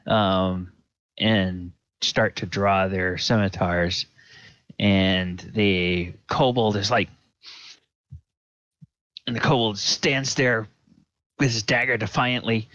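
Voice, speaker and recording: Slow, halting male game master. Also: lowish voice, a bit bright, dry recording, lo-fi sound. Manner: hesitant, full of ums and restarts. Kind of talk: narrating a tabletop game.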